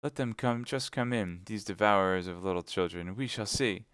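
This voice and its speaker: A man's voice: fairly low pitch, normal speed, a bit bright, clear, resonant tone, no room sound, studio quality, lightly acted. A man doing a jeering barricaded musketeer. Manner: jeering, defiant. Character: drunk, jeering male musketeer barricaded in a cellar.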